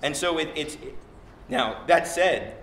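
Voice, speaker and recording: A man on a discussion panel, arguing his point quickly with many restarts. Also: a little high, a bit bright. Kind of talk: conversational panel talk. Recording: echoey room, faint noise.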